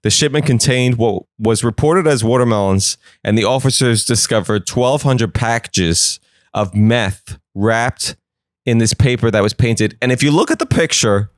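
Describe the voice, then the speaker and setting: California dude riffing on the news, crude and rambly, mid pitch, dry sound. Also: male voice, moderate pace, dry recording. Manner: crude, rambling, self-mocking. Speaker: podcast host. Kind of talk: comedic monologue.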